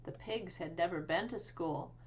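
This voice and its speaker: A woman librarian reading a picture book aloud for children, slow and expressive with sing-song animal sounds. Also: fairly low pitch, lo-fi sound. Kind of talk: children's storytime read-aloud.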